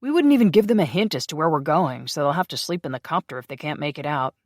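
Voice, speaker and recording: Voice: medium pitch, expressive, fast, no echo, studio quality, natural voice. An audiobook narrator voicing a breezy, joking male sidekick who drives the group.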